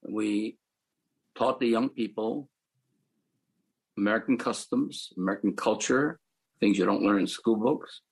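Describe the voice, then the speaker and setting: An older man from the Philippines, calmly telling his life story as a panel speaker. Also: on the low side, vocal fry, husky, poor audio. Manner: reflective, matter-of-fact storytelling. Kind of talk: personal storytelling.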